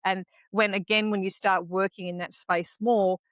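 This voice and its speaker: A woman speaks in a calm, reflective way as a podcast co-host. Her voice sits at a medium pitch. The sound is dry and close. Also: moderate pace, no room sound. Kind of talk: casual chat.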